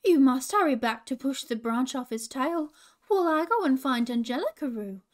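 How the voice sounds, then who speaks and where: A woman's voice: high voice, lively intonation, moderate pace. A woman voicing a cheerful, giggly owl in a children's story. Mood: flustered. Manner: bright, loud and laughing.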